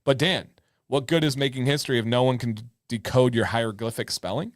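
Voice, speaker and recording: A man's voice: mid-range voice, fairly even intonation, a little fast, no echo, studio quality. A young man co-hosting a live-stream chat show, joking about himself and reading out viewer comments. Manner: jokey, self-deprecating, reads out chat comments. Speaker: podcast co-host.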